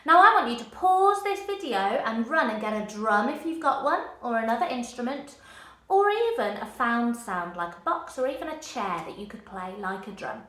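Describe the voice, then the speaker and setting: Lively music teacher, roomy sound. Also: female voice, a little high, moderate pace. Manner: lively and encouraging, counting and chanting rhythms. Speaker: primary school music teacher. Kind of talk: children's music lesson. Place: room with a screen behind her.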